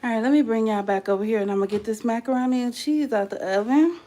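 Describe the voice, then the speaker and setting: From her home kitchen, a woman hosts a casual live cooking stream, chatting with viewers and reading their comments aloud. Her voice is fairly high, mellow and fast, and the audio quality is poor.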